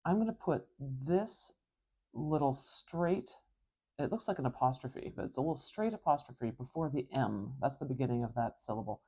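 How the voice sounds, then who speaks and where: A woman pronunciation coach teaching phonetic transcription, patiently modeling each sound slowly and aloud in a North American accent. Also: extremely low pitch, animated, dark tone, slightly rough. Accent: North American English. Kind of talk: tutorial explaining phonetic transcription.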